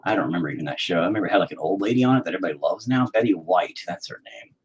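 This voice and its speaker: A deep-voiced man talks very fast while he paints, rambling casually, swearing a lot and poking fun at himself. There's a little hiss or hum on the recording.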